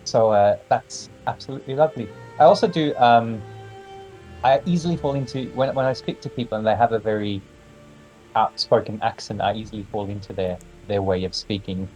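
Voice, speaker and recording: A man's voice: fairly low pitch, brisk, a little mellow, soft background music, poor audio. A man from Sweden, chatting eagerly as a guest on a gaming stream and often restarting his words. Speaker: game composer, guest. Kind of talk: casual chat over a game session.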